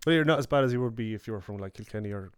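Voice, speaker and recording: A man's voice: on the low side, racing, smooth, no echo, studio quality. An Irish man with a Mayo accent, co-hosting a casual podcast chat in an easygoing, agreeable way with plenty of fillers. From Ireland. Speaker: podcast co-host.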